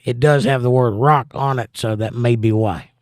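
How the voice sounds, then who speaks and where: A man's voice: mid-range voice, normal speed, no echo, clean studio sound. A man hosting a livestream in a casual chat, reading out viewer comments with a jokey, chatty manner.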